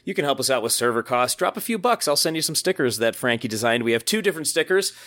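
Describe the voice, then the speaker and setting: A man's voice: medium pitch, animated, fast talker, bright, forceful tone. A man hosting a podcast in casual chat, upbeat and jokey, reading listener mail aloud. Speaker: podcast host.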